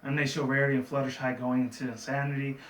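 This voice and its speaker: A man's voice: medium pitch, level tone, quick pace. A man casually recapping a cartoon episode in a chatty, digressive way, with lots of fillers. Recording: roomy, from a distant mic, faint background noise.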